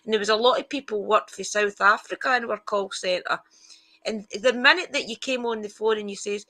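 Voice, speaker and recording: A Scottish woman talks in a relaxed, chatty way and laughs easily. Her voice is bright and sharp, with an everyday middle pitch. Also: a little fast. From Scotland. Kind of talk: casual chat.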